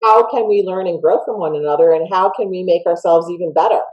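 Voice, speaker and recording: A woman's voice: lowish voice, quick pace, dull audio. A woman with a Southern US accent, a school counselor guest in a casual video-call interview, upbeat and emphatic, laughing often.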